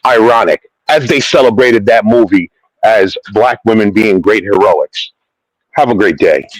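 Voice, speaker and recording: A man's voice: lowish voice, unhurried, no room sound, rough recording. A man calling into a debate, pushy and provocative, cutting in to ask questions. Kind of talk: casual debate.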